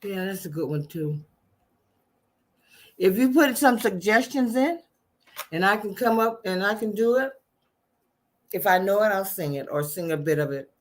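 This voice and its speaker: A woman hosting her own channel, singing slow jazz ballads a cappella at home and chatting to viewers between songs. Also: mid-range voice, expressive. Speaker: channel host and singer. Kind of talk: a cappella singing with casual chat.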